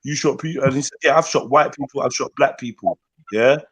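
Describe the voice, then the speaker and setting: A man's voice: mid-range voice, fairly quick, breathy edge. A British man hosting a call-in panel, repeating his questions and telling the guests to hold on. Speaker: host. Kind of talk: moderating a heated call-in panel.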